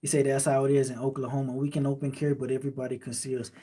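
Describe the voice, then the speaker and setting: A man's voice: mid-range voice, flat delivery, rapid-fire, mellow, breathy edge. Laid-back man with a Miami accent. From Miami, Florida. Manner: laid-back, rambling, answers viewer comments. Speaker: livestream host reading chat. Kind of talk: casual late-night chat.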